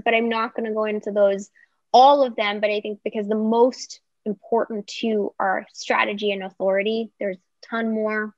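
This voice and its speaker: A woman speaking as a podcast guest, explaining in an animated way and acting out example voices. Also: medium pitch, dry recording. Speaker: guest coach. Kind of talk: podcast interview. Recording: slightly muffled, dry sound.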